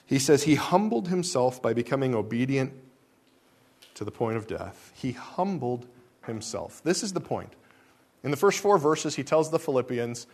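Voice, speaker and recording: A man preaching a sermon, asking the congregation rhetorical questions and swinging between soft, slow lines and loud ones. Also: mid-range voice, very animated. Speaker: pastor.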